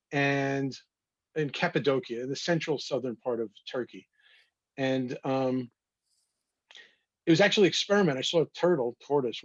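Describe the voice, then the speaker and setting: A photographer with a slightly rough, husky voice, chatting casually through a slideshow of his pictures. He tells wry little anecdotes with a mid-range pitch. The sound is muffled and dry, close and dull. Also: no room sound. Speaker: photographer presenting his work.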